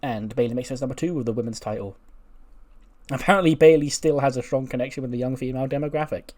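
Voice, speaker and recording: A man's voice: medium pitch, fast, darkish tone. Man narrating a wrestling sim, loose and chatty. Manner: loose, chatty, mildly profane. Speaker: game channel host. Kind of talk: casual let's-play narration.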